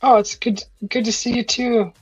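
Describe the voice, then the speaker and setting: A woman's voice: a little high, steady tone, moderate pace, darkish tone, breathy edge, no room sound, dull audio, soft background music. A middle-aged woman hosting a casual live stream, chatting to viewers with a sickly, weakened throat, rambling and laughing often. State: sick, throat still weak. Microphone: computer microphone for live stream.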